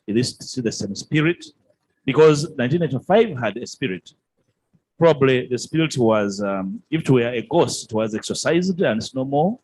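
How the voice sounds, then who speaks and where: A man's voice: mid-range voice, lively intonation, moderate pace, a little mellow, breathy edge, low-quality recording. A man, a workshop participant, putting a question in courteous, elaborate and formal phrasing.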